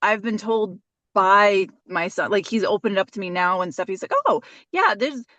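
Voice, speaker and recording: A woman's voice: medium pitch, fairly even intonation, normal speed, a bit bright, no room sound, dull audio. A woman in her forties co-hosting a podcast, telling stories in rambling casual chat with many restarts. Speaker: podcast co-host.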